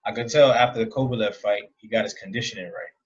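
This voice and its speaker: A low-voiced man chats about boxing in an easygoing, hesitant way and often agrees with his co-host. His voice is husky. His audio sounds dull and muffled, like lo-fi remote sound. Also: fast. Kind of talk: casual chat.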